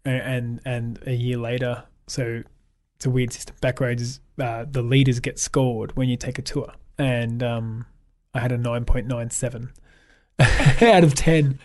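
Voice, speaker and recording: A man's voice: mid-range voice, fairly even intonation, measured pace, a little mellow. An Australian man, a photographer guest, chatting casually in an interview and telling upbeat anecdotes. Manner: upbeat anecdotal storyteller, acts out quoted dialogue.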